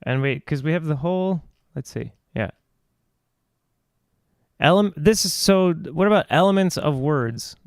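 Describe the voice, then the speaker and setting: A man's voice: on the high side, animated, unhurried, long pauses, no echo, clean studio sound. A man hosting a casual video chat about singing, rambling and restarting his thoughts. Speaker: host.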